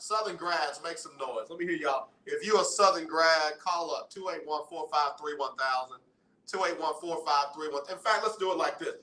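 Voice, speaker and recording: A man hosts a call-in radio show from the studio, bantering and teasing his listeners. His voice sits a little high and sounds bright and forceful. The studio adds a roomy echo. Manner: animated, banters with listeners and callers. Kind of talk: casual radio talk.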